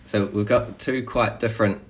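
Casting: man, low-pitched voice, preacher, conversational sermon with easy restarts. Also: steady tone, moderate pace. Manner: conversational, frequent "you know" and restarts.

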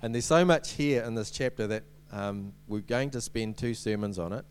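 A man's voice: lowish voice, normal speed, clean tone. A man giving a sermon as a preacher, in a conversational way with many ums and restarts and light humorous asides.

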